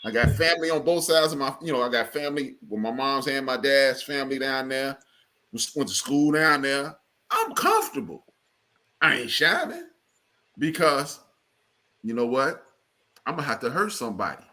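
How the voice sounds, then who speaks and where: Podcast guest, male, sharp and bright tone, lively pitch, emphatic and argumentative. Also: moderate pace. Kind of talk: casual chat.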